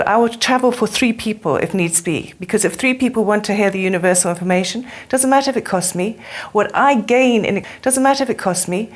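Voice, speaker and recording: A middle-aged woman with a speech defect, talking earnestly as an interview guest and telling stories. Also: mid-range voice. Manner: earnest and storytelling. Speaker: interview guest, spiritual teacher. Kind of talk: conversational interview.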